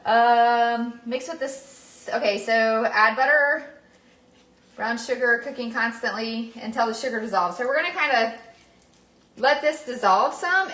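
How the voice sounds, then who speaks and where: A woman's voice: a little high, sharp tone. A woman hosting a casual cooking livestream, chatty and upbeat, talking to viewers as y'all from her home kitchen. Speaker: cooking show host. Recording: echoey kitchen room.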